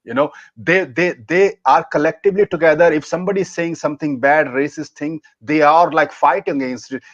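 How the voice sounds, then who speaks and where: A man's voice: fairly high pitch, brisk. A man from India, a guest on a casual chat, talking in an impassioned, emphatic way with many restarts. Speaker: guest, dating coach. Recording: muffled lo-fi audio.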